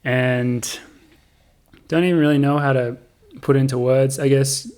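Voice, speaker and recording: A young man hosting a casual podcast chat, relaxed and rambling. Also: mid-range voice, unhurried. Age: young adult. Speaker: podcast host.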